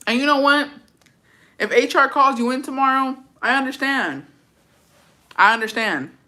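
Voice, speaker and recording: A woman reads viewer gossip in a casual, chatty style, with a bright, sharp tone. She reacts loudly and profanely and slips in Spanish words now and then. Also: high-pitched, moderate pace. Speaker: host reading viewer stories.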